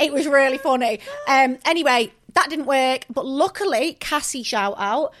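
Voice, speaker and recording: Heavy background noise surrounds a young woman with a high voice, speaking at a moderate pace as she co-hosts a podcast. She chats casually and animates her stories by acting out the quotes.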